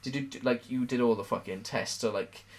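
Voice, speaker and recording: A man's voice: mid-range voice, a little fast. A young Welsh man co-hosting a casual podcast chat, swearing freely and telling stories animatedly. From Wales. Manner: swearing, animated storyteller who puts on voices in quotes. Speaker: podcast co-host.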